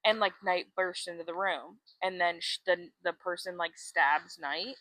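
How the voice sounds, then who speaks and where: Woman podcast co-host, bright voice, dry close sound, casual storytelling, acts out quotes. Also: lowish voice, unhurried, dry recording, low-quality recording. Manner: animated storyteller, acts out quotes, swears freely. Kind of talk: casual chat retelling a book plot.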